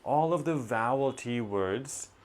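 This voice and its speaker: A man teaching a pronunciation lesson, modeling sounds slowly and deliberately. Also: medium pitch, animated.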